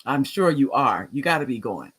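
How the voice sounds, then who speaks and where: A man in his sixties, retired from teaching, rambles through his livestreamed talk show and greets viewers by name with excited lifts in pitch. His voice is mid-range and husky, at a moderate pace.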